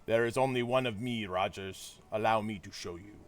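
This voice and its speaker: A man's voice: fairly low pitch, normal speed, far from the mic, soft background music, close to an everyday voice. A man voicing an arrogant villainous super-soldier commander in a clumsy put-on German accent. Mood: gloating.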